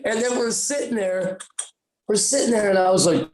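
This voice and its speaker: A man's voice: sits high, lively intonation, unhurried, reverberant, slight background noise, low-quality recording. A man hosting a podcast, telling a rambling, profane story and acting out the voices of the people in it. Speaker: podcast host. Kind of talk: casual storytelling.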